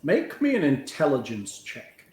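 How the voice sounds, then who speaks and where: A man's voice: medium pitch, wildly swooping pitch, a little slow, darkish tone. A man running a tabletop game as game master, chatty and joking with his players. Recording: roomy echo, faint noise.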